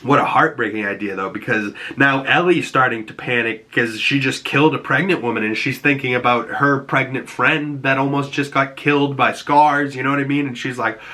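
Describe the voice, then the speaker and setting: A man with a Boston accent giving a casual, rambling, excitable recap of a TV episode. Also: medium pitch, moderate pace, hardly any pauses. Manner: excitable, rambling, animated retelling. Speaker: TV show reviewer.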